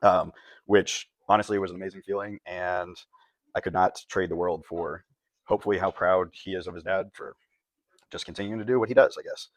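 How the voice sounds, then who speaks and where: A man's voice: low voice, fairly even intonation, a little fast, no echo. A young man, a competitive bodybuilder, talking earnestly to camera in a reflective vlog and often correcting himself mid-sentence.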